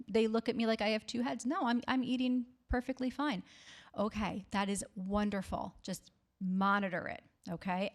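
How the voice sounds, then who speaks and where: A woman speech therapist giving a health talk to the public, reassuring and often checking in with "okay?". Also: mid-range voice. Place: library talk.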